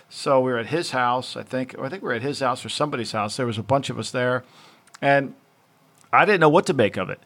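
Male ex-football executive co-host, mid-pitched voice, rambling and repetitive. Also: fairly bright tone. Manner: rambling, repetitive, with many restarts. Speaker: former NFL executive, podcast co-host. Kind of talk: casual sports talk.

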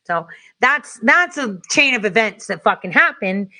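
Angry woman going off on a sweary rant, kinda high voice, talks fast when heated. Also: very animated, sharp tone. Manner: heated, profane, rapid-fire ranting.

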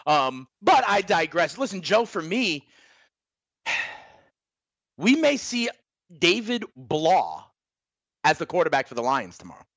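Male co-host, gravelly and animated, casual betting chat, dry muffled studio sound. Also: a little high, measured pace, pauses often, no echo. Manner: conversational, asks for agreement with "right?". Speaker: sports betting show co-host. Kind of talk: casual sports betting talk.

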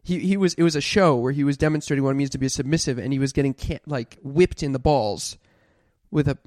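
A podcast co-host telling a story in casual chat, animated and full of restarts and "like". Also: medium pitch, fast talker, no echo, studio quality.

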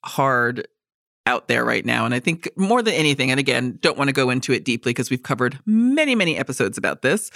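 A woman's voice: extremely low pitch, a bit bright, no room sound, clean studio sound. A woman co-hosting a podcast, chatting casually and frankly, with some swearing. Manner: frank and profane, reads listener emails aloud. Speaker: podcast co-host. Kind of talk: casual chat.

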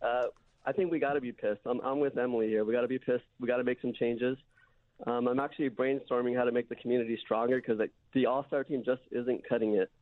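A man's voice: mid-range voice, little pitch movement, quick pace, dry recording. A man calling into a radio show, joking and teasing the hosts in casual chat. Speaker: radio caller. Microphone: phone. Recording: tinny phone line.

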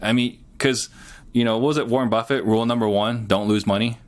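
A man's voice: mid-range voice, steady tone, brisk. A middle-aged man, a guest on an interview show, talking earnestly and plainly with lots of "you know". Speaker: guest, real estate entrepreneur. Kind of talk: casual interview talk.

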